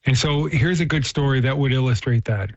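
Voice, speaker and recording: Man, earnest storyteller, casual talk, middle pitch, restarts phrases, dull lo-fi dry recording. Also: fairly quick, dry recording.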